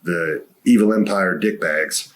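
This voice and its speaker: A man's voice: low-pitched, a little slow. A man co-hosting a podcast, telling a long story in casual chat and swearing freely. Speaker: co-host.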